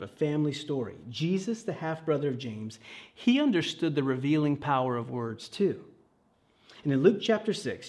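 A middle-aged man preaching a sermon, earnest, with dramatic pauses and phrases that sink to a hush. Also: medium pitch. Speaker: pastor.

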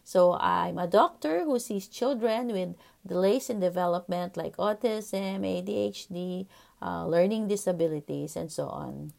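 A woman in her forties hosting her own podcast, telling a personal story in an earnest, reflective way with soft fillers. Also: on the low side, a little slow, gravelly. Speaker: podcast host, pediatrician.

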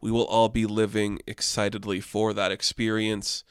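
A young man hosting casual entertainment news commentary, animated and sarcastic, swinging between deadpan asides and excited outbursts. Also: lowish voice, moderate pace, clean tone, no echo, clean studio sound.

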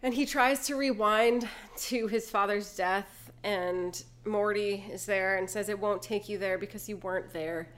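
A woman's voice: mid-range voice, unhurried, few pauses. Young woman, podcast co-host, chatty movie recap, laughs often, mid-range voice. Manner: animated, laughing, retells scenes. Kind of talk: casual movie recap chat.

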